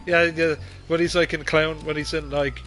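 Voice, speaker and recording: A male game streamer talking casually between lines, with a high, bright voice. He rambles and thinks aloud with lots of fillers. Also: flat delivery, brisk. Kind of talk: casual gaming commentary.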